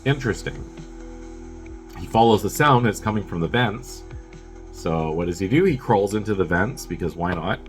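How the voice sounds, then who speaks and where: A man's voice: sits low, lively intonation, normal speed, faint music behind. A man who is sick with a cough, casually reviewing a movie in a rambling, chatty way with wry asides.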